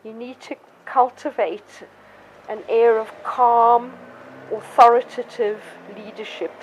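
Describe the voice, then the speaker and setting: A woman's voice: slight background noise, low-quality recording. Chatty woman talking among her dogs. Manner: chatty, warm toward the puppies, with sudden squeaky baby-talk to dogs. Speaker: dog breeder. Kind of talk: casual vlog narration. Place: outdoors in a garden with dogs. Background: dogs barking now and then.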